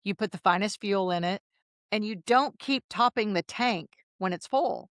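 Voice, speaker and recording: A woman in her fifties speaks as a podcast guest, recorded close and dry with no room sound. She tells her stories in an animated way and acts out the dialogue, with a pitch that sits in the middle for a woman. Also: moderate pace, dry recording. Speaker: podcast guest, health coach. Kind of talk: casual interview storytelling.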